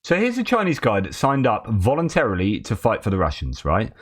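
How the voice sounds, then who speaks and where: A man's voice: on the low side, huge pitch swings, brisk, a faint crowd. A man hosting a news commentary show, talking in a wry, sarcastic way. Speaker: host.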